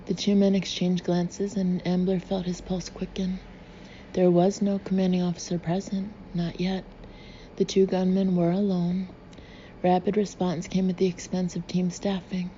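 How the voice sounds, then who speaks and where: Mellow, flat-toned woman narrating. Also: lowish voice. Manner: even, measured reading. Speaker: audiobook narrator. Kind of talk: scripted audiobook narration. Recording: slightly dull recording with faint hiss.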